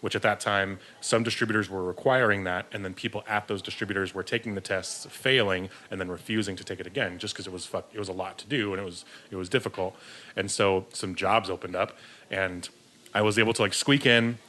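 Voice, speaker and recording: Podcast guest: man with a lowish, forceful voice, rambling and profane, self-mocking. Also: fairly even intonation, fairly quick. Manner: rambling, swears freely, laughs at himself. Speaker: podcast guest, beer distributor sales rep. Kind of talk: casual storytelling.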